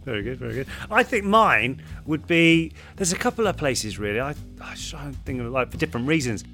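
A man co-hosting a podcast, chatting in a friendly, animated way and thanking listeners. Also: medium pitch, brisk, faint music behind. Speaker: podcast co-host. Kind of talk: casual chat.

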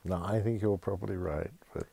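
A man's voice: low voice, fairly even intonation, fairly quick, creaky, mellow, slightly rough. A male host interviewing a guest in an easygoing, agreeable way and prompting him for stories. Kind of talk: conversational interview.

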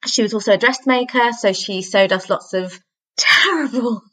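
A woman's voice: fairly high pitch, normal speed, husky, low-quality recording. A woman, a podcast guest, telling family stories in a reflective way and laughing often. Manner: reflective, warm storytelling with frequent laughter. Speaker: podcast guest, author and singer. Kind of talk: conversational interview.

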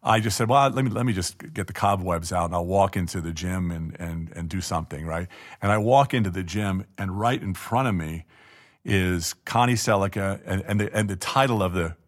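A middle-aged man with a low-sitting voice talks a little fast, telling a long personal story in a casual interview. He's chatty and self-deprecating, restarting frequently and laughing often.

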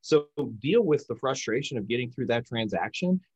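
A man explaining communication techniques in an emphatic, animated coaching manner. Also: medium pitch, normal speed, husky, no room sound, dull audio. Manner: emphatic, animated, acts out example lines. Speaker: sales communication guest expert.

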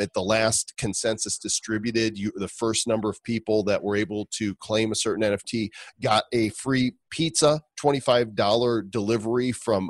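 A man hosts a casual podcast in a chatty, promotional way, with frequent fillers. His voice is on the low side. The sound is close and dry. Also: no room sound. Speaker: podcast host.

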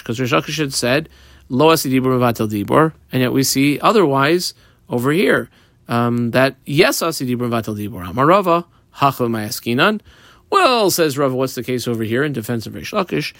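A man's voice: medium pitch, vocal fry, fairly bright tone, no echo. Man teaching a Talmud lesson, dry close sound. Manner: reads Aramaic phrases then explains them in English, with frequent ums. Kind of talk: Talmud lesson, reading and translating.

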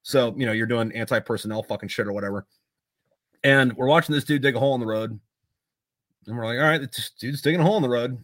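A man, a podcast guest, telling profane stories in casual, animated talk. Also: mid-range voice, quick pace. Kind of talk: casual storytelling.

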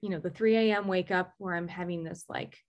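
A woman telling a candid personal story, halting and restarting often with fillers. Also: on the low side, steady tone, dull audio. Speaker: guest sharing recovery story.

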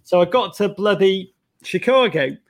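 A middle-aged man with an English accent, telling lively stories as a podcast guest, swearing freely and acting out other people's voices. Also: sits high, normal speed. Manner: animated, swearing, acts out voices. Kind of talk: storytelling in conversation.

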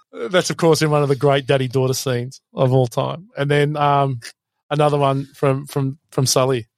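A man hosting a casual film review podcast, talking enthusiastically with quick asides. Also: mid-range voice, steady tone, gravelly, dry recording, clean studio sound. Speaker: podcast host.

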